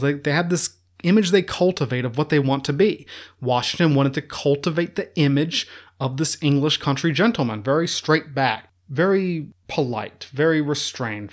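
A man hosting a history show, talking casually and jokily, with many asides and restarts. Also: medium pitch. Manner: jokey, conversational, full of asides and restarts. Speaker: history podcast host.

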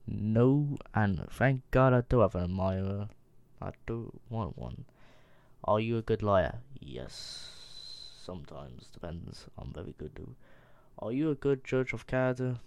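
Young guy, low and gravelly, casual self-Q&A vlog, offhand mumbled answers. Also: lively intonation, unhurried, darkish tone, no echo. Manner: reads questions aloud and answers himself, offhand and mumbling. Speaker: vlogger.

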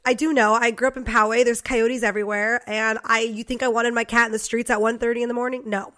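A young woman co-hosting a podcast, congested with a cold, her voice raspier than usual, chatting casually and cursing freely. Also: on the high side, little pitch movement, a bit bright. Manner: chatty, profane, quick laughs. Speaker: podcast co-host. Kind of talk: casual chat.

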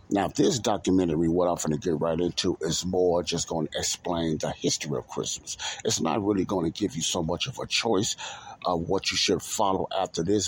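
Deep, husky-voiced male podcast host. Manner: rambling, repeats himself, frequent "uh" and "you know". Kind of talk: casual religious podcast monologue.

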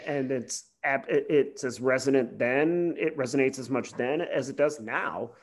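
A man co-hosting a podcast, a lawyer talking casually through a film, animated and sweary with long winding explanations. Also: mid-range voice, measured pace. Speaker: podcast co-host.

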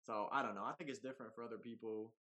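Animated slangy man, casual chat. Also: very fast. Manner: animated, slangy, big swings in pitch and loudness. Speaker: comedy content creator guest.

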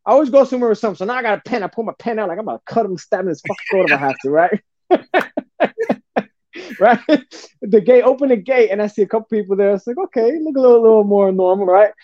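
A man guesting on a talk show, telling stories in an animated, casual way, full of slang and swearing. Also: high voice, quick pace, no room sound. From New Jersey. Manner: animated, swearing, street slang, says bro a lot. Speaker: podcast guest. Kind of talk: casual storytelling. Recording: dull lo-fi dry sound.

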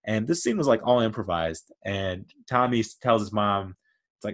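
A man hosting a movie podcast, rambling enthusiastically with lots of fillers and quick laughs. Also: on the low side. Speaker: podcast host. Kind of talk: casual movie review podcast.

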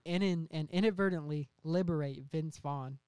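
Giggly young man rambling through a pitch. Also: moderate pace, dark tone, smooth, no echo. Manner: giggly, acts out characters in silly voices. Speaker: podcast co-host pitching a movie. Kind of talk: rambling comedic storytelling.

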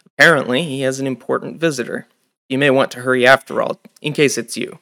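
A man voicing a grumpy, gruff male temple sage in a storybook. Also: mid-range voice, fairly even intonation, quick pace, sharp tone. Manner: gruff and curt.

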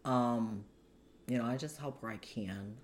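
A woman telling her own life story in a relaxed, chatty way, full of fillers and acted-out quotes of other people. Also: a bass voice, measured pace, a little hiss or hum. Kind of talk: casual conversational storytelling.

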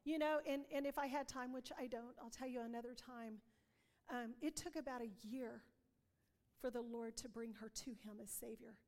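High-voiced woman preaching a testimony. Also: steady tone, moderate pace, a little mellow, long reverb tail. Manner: earnest storytelling, acts out dialogue. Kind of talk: testimony sermon.

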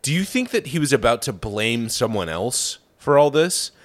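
A man's voice: medium pitch, very animated, moderate pace. A man co-hosting a podcast, reacting with profanity and disbelief in casual true-crime talk. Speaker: podcast co-host.

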